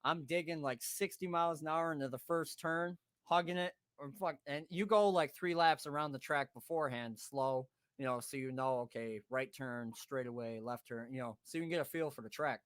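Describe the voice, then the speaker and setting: A man's voice: fairly high pitch, normal speed, hardly any pauses, fairly bright tone, smooth, dry recording. A man hosting a podcast, telling a rowdy story in a casual way, swearing freely, laughing and acting out his friends' voices. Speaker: podcast host.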